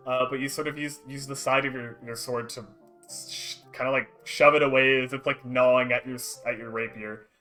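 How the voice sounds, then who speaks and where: A man running a tabletop game as dungeon master, describing the scene in a halting way full of ums and uhs. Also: medium pitch, sharp tone. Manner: hesitant, many ums and uhs, laughs often.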